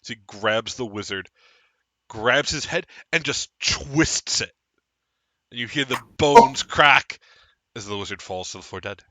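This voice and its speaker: A man's voice: mid-range voice, measured pace, sharp tone, no echo. A man narrating a tabletop game as game master, describing scenes vividly.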